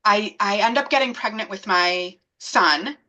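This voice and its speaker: Bright-voiced woman telling a lively story. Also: mid-range voice, a little slow, highs cut off. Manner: animated, acts out quoted voices. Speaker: guest. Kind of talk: casual storytelling in an interview.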